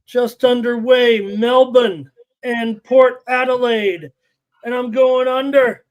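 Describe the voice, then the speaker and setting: High-voiced man giving betting picks. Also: steady tone, takes it slowly, dull audio. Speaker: betting stream co-host and picker. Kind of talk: casual live-stream banter.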